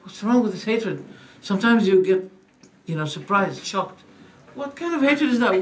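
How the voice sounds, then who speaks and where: A man giving a religious lecture, animated, firing rhetorical questions and acting out quoted dialogues. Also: high-pitched, normal speed. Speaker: Islamic preacher.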